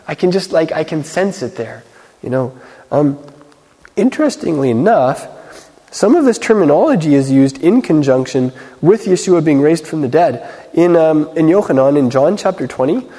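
Man, slightly high voice, mellow tone, casual sermon, filler-heavy, long hall reverb. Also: animated. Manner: conversational, filler-heavy, reads scripture slowly. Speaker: Messianic teacher.

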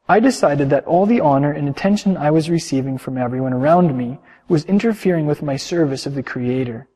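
A man preaching to a congregation, telling a long story in a measured, soft-spoken way that trails off quietly at the ends of phrases. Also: a little high, slightly rough, big-room sound. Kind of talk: sermon storytelling.

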